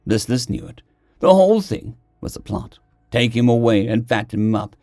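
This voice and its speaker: A man narrates a fiction story with expressive, animated delivery. His pitch moves lively through each sentence. The recording is close to the mic and dry. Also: moderate pace, dry recording, faint music behind.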